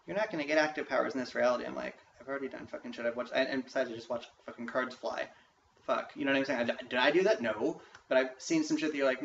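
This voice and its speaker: Man, fairly high voice, swearing vlog rant, heard from a distance in an echoey room, muffled lo-fi sound with faint hiss. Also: creaky, a bit bright. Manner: frustrated, profane, emphatic ranting. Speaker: vlogger. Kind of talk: ranting vlog monologue.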